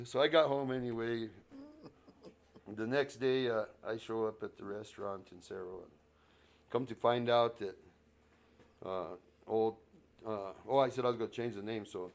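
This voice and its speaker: A man's voice: fairly low pitch, moderate pace, pauses often. A man from northern New Mexico telling a personal story to a live audience at a library, acting out the dialogue and chuckling often. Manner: lively, acts out both sides of a dialogue, chuckles often. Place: public library event room.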